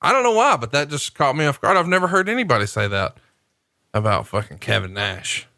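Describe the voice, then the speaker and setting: Lively, bright-voiced joking man. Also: medium pitch, brisk, vocal fry, no echo, studio quality. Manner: joking, swears freely, laughs often. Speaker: podcast co-host. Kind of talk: casual chat.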